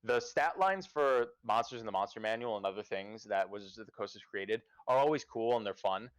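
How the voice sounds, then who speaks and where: A man's voice: on the low side, animated, fairly quick. A man hosting a casual livestream chat, giving profane, emphatic advice as a game master. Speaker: podcast host and dungeon master.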